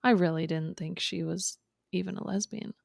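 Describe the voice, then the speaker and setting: Low gravelly woman, reflective storytelling. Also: steady tone, no room sound, studio quality. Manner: reflective, halting, with restarts. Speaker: podcast guest. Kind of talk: candid conversational storytelling.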